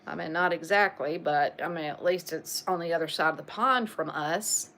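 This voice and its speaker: A woman's voice: lowish voice, moderate pace, fairly bright tone. Chatty Southern woman hosting a livestream. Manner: chatty, greets viewers by name, many fillers. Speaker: livestream host. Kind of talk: casual livestream chat.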